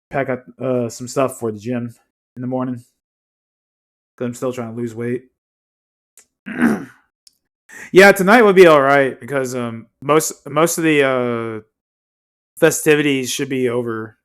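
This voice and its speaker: A man's voice: medium pitch, unhurried, long pauses. A young man streaming live, chatting casually in rambling asides that often correct themselves.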